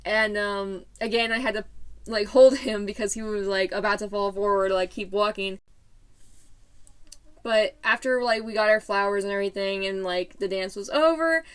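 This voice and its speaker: A woman's voice: mid-range voice, moderate pace, clear, resonant tone. A teenage girl telling a story in a casual vlog, bubbly and rambling with lots of fillers. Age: late teens.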